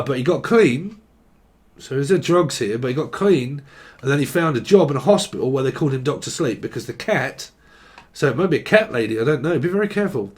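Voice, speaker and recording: English man, mid-pitched, reads tarot casually with lots of swearing and rambling. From England. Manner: rambling, swearing, free-associating. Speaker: tarot reader.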